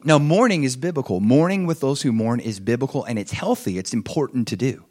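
This male pastor, very animated and fairly quick, preaches conversationally, telling stories and quizzing the congregation. He performs the quoted figures with big swings in pitch and loudness.

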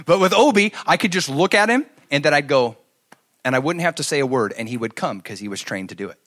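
Animated male preacher, lively pitch. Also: fairly quick. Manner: animated storytelling, swinging from loud to hushed. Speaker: pastor. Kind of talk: sermon.

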